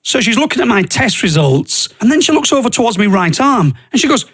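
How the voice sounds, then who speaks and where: High-voiced man telling a testimony. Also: sing-song, a little fast, fairly bright tone, slightly rough. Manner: earnest, conversational, uses regional grammar like "I goes". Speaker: podcast host. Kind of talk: personal faith testimony storytelling.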